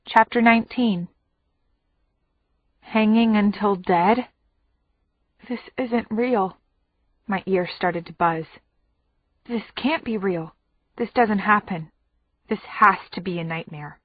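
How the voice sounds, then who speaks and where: A female narrator reading a first-person audiobook in a measured, anxious way. She speaks slowly at a middling pitch. The sound is dry and tinny, like a phone line. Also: dry recording.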